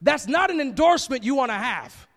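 A man with a very high voice preaching a sermon, leaning hard on his points and breaking into plain, conversational asides. His voice carries a long reverb, as if filling a big hall. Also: big pitch swings, brisk, fairly bright tone. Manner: emphatic, reads and comments on scripture, plain and conversational.

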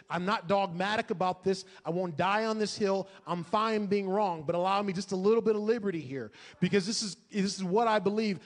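A man's voice: sits high, big-room sound. A male pastor preaching a sermon to a congregation, emphatic and fond of rhetorical questions and repetition.

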